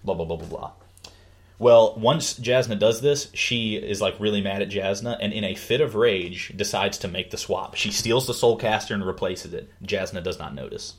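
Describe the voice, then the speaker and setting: A man's voice: on the low side, moderate pace, hardly any pauses. A man hosting a casual talk, eagerly retelling a book's plot and acting out the characters with yelps and laughs. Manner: animated storyteller, acts out characters with yelps and laughs. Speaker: host explaining a book.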